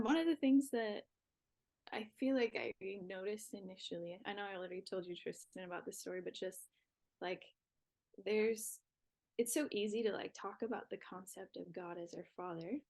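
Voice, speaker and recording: A young woman, a podcast guest, talking in a relaxed, reflective way about faith and new motherhood. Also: mid-range voice, low-quality recording. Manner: reflective, talks with her hands. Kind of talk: casual faith talk.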